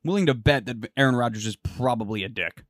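A man co-hosting a sports podcast, teasing and profane in quick back-and-forth. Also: medium pitch, no echo, clean studio sound. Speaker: podcast co-host. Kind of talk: casual sports chat.

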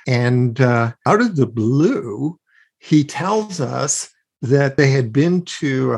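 Husky-voiced male expert guest, earnest explainer, walks through examples. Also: medium pitch. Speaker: guest expert on child self-regulation. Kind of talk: explanatory interview talk.

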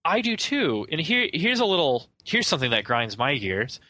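A young man chatting casually about a film as a podcast co-host, bright and forward in tone. He rambles and hedges, with plenty of "um" and "you know," circling back on his own sentences. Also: fairly high pitch, sing-song, moderate pace, dry recording, poor audio. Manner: rambling, hesitant, many fillers and restarts.

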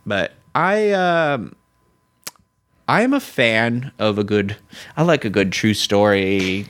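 A man's voice: lowish voice, lively intonation, slow, a bit bright. A man hosting a casual movie news podcast, enthusiastic and rambling, often correcting himself. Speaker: podcast host.

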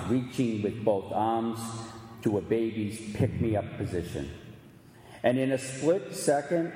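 A man preaching a sermon, reading a story aloud slowly and dramatically, at times slipping into song. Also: medium pitch, dark tone. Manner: slow, dramatic reading with sung phrases. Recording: echoey hall with long reverb.

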